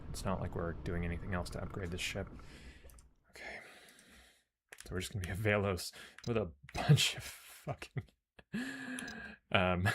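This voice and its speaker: A man's voice: low voice, a bit bright. A man streaming a space game, chatting casually, joking and swearing to himself, and reading story text aloud. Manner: joking, profane, talks to himself.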